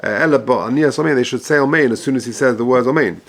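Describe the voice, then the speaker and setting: A rabbi giving a text study lesson, reading passages aloud and then explaining them in English in a measured, halting way. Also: male voice, medium pitch. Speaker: rabbi teaching halacha.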